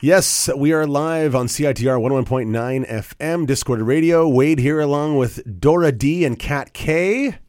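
A man's voice: on the high side, normal speed, few pauses, a little mellow, dry recording, clean studio sound. A man with a Canadian accent hosting a live radio show, chatting casually with fillers and restarts. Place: radio studio.

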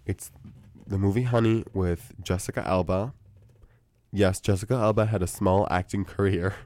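A young man co-hosting a casual campus radio chat show, telling anecdotes in an animated way and acting out the voices of the people in them. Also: low-pitched, moderate pace, dry recording. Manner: animated storyteller, acts out overheard voices. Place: small campus radio studio. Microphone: studio microphone.

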